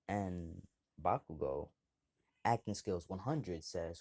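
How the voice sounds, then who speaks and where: A man's voice: low voice, slow pace, gravelly, a little mellow, husky. A man casually retelling a fan story, rambling with fillers and repeating himself.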